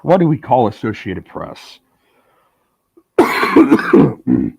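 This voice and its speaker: A man streaming live, talking slowly in a low voice with plenty of ums and sarcastic asides. The sound is dry and close, with no room behind it. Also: sing-song, vocal fry, mellow, breathy edge, dry recording. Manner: rambling, sarcastic, many filler words. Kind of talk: casual live-stream chat.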